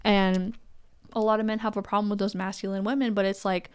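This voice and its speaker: Young woman guest, casual podcast debater, smooth clear voice, filler-heavy chatter. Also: mid-range voice, flat delivery, fairly quick. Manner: chatty, many fillers like "like" and "you know".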